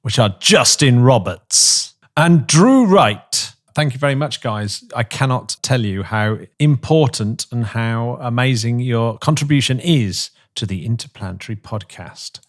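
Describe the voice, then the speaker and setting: A man trades jokey, teasing banter as a podcast co-host. His pitch is mid-range for a man, and the sound is dry and close to the mic. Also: expressive, a little slow, hardly any pauses, no echo. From Birmingham, England. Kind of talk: casual chat.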